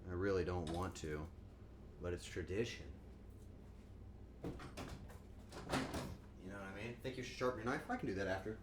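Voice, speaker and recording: A man's voice: deep voice, lively intonation, moderate pace, pauses often, background noise. A man chatting casually on a cooking stream, joking and rambling, and acting out quotes in goofy voices.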